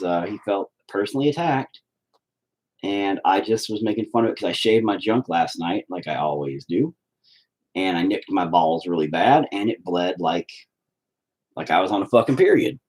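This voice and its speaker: Profane rambling man with a husky voice. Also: fairly low pitch, a little mellow, poor audio. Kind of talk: casual storytelling rant.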